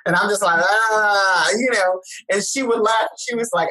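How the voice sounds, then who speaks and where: On a low-quality recording, a middle-aged woman talks as a guest in a mid-range voice, fairly quick and with few pauses. She chats and tells stories with animation, acting out the voices she quotes.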